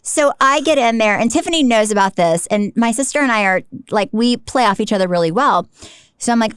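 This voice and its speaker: A woman in her forties co-hosting a podcast, telling stories in an animated way and laughing often. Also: medium pitch, fast, clear, resonant tone, no echo, studio quality. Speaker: podcast co-host. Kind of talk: casual podcast chat.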